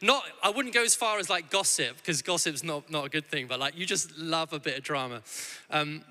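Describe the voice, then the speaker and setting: Bright-voiced man preaching in a reverberant church. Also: fairly high pitch, brisk. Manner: warm conversational storytelling with frequent restarts. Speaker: guest preacher. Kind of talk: sermon. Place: church hall. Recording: church hall with long reverb.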